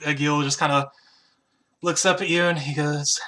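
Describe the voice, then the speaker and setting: A man narrating as game master of a tabletop game, in a casual, halting way with many fillers. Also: fairly high pitch, steady tone, sharp tone.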